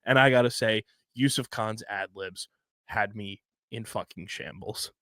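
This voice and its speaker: A man's voice: fairly low pitch, a little slow, fairly bright tone, no room sound. A man co-hosting a podcast, casually recapping an episode's plot with joking asides. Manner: narrates plot points with jokey asides and fillers. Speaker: podcast co-host.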